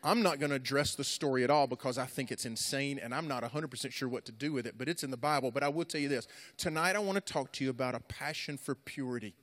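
A man preaching a sermon to young people, swinging between dramatic, loud storytelling and casual, conversational asides full of fillers and restarts. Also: medium pitch, fast talker, few pauses. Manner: animated dramatic storytelling, rising loud in retellings.

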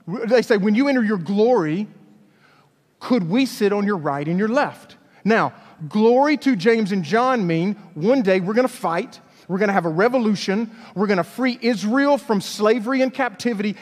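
A man's voice: sits high, in a large hall. A man from Alabama, a youth pastor telling a chatty story in a sermon, with stumbling restarts.

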